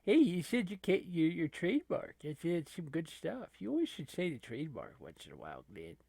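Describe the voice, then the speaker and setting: An actor playing a laid-back, chatty gamer buddy who teases and repeats phrases in an easygoing way in a comedy gaming sketch. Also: male voice, a little high, huge pitch swings, fairly quick, creaky, warm tone, husky, no room sound, full character voice. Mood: teasing.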